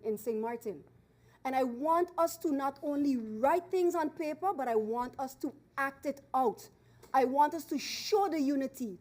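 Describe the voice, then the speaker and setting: A woman member of parliament, giving an earnest formal speech from a desk microphone in the chamber, slowing down and repeating phrases for emphasis. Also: sits high, a little mellow. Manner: earnest, emphatic, stresses key phrases slowly and repeats for force.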